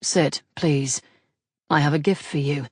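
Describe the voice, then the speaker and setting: A woman reading the lines of a grave, teasing male rogue in a measured, dry manner. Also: deep voice, fairly even intonation, darkish tone, husky, dry recording.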